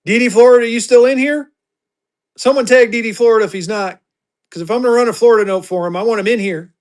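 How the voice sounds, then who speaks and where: Extremely high-pitched and fast, this man's voice carries his livestream auction as he chats casually with viewers and thinks aloud while sorting stock.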